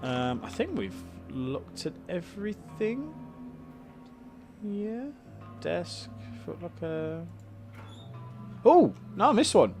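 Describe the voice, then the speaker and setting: A man casually commenting on a video game he is playing, reading its text aloud with joking asides. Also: on the high side. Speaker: let's play host.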